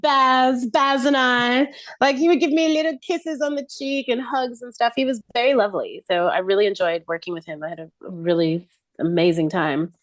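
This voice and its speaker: An Australian woman, a guest performer, chatting in a lively way and laughing often, speaking over a laptop call. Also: on the high side, normal speed, no room sound. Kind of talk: casual interview chat.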